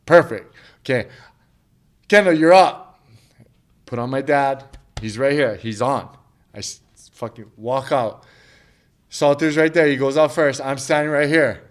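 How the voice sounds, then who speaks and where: A mixed martial arts fighter in his thirties talks through his story in a loose, rambling way, full of swearing and restarts. He acts out what people said to him. His voice sits at an ordinary middle pitch. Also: steady tone, moderate pace. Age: 30s. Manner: profane, rambling, acts out quotes of others. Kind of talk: casual interview storytelling.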